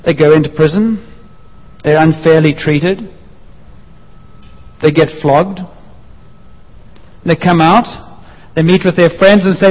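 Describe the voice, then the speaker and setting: A man preaching a sermon, telling a story with lively acted-out voices. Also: a little high, slow pace, pauses often. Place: church hall. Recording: dull sound with long hall reverb.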